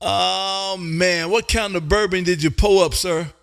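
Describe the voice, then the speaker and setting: A man from Texas hosting a live ham radio show. He talks loudly and excitedly, drawing out call signs as he reads them. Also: high voice, measured pace, gravelly, noisy background. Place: home radio room.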